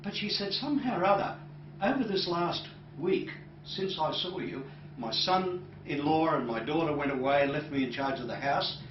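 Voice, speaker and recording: A man, a hypnotherapist, recounting a client's case to an audience, telling it at an unhurried pace with many pauses and dropping soft and low for quoted lines. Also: a little hiss or hum. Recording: roomy, distant and dull lecture audio.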